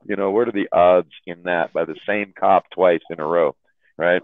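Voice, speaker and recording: Low-voiced man telling stories over a phone line. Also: moderate pace, no echo. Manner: rambling, profane, repeats words, laughs at own stories. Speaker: chat room host telling stories. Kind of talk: casual storytelling on a call. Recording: tinny phone-line sound.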